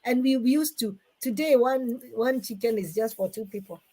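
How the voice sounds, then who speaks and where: A middle-aged woman with a Kikuyu Kenyan accent, hosting a live-streamed talk show in an animated, emphatic way. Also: fairly high pitch, normal speed. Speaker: host.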